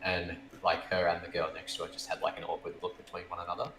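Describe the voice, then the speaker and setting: A man's voice: low voice, little pitch movement, fast, a bit bright. A man, co-hosting a podcast and telling a rambling, self-deprecating story in casual chat. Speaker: podcast co-host. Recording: roomy mic with faint background noise.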